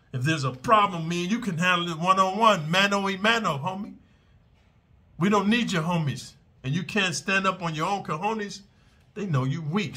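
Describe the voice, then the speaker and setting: A man talking bluntly and profanely about prison survival, swaggering, tossing "man" and "dude" into every line and shouting out the sounds of strikes. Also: a little high, breathy edge. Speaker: ex-convict giving prison survival advice. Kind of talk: unscripted, profane street talk to camera. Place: in Manila.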